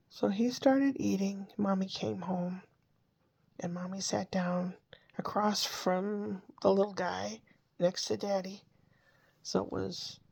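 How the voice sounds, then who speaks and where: Older woman, grandmother, gravelly husky voice, homey rambling storytelling. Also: medium pitch, darkish tone. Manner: rambling, homey, with small restarts. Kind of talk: casual storytelling monologue.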